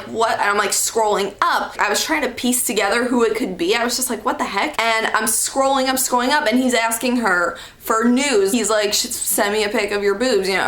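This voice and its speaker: A woman's voice: on the high side, roomy sound. A young woman telling a personal story to camera in a casual, chatty way, full of "like" and "okay". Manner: chatty, animated, heavy use of "like" and "okay". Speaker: storytime vlogger.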